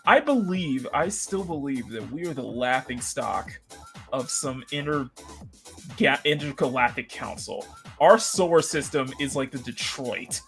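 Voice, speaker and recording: A woman's voice: rumbling low, lively intonation, a little slow, faint music behind. A woman hosting a casual livestream chat while drawing, emphatic and playful, dropping the odd swear. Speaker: host, drawing on stream.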